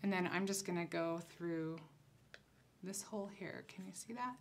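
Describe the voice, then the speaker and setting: A concept designer demonstrates crafts in a casual tutorial, working at her table and chatting as she thinks aloud in a relaxed way. Her voice is lowish and creaky, at a moderate pace, with slight background noise.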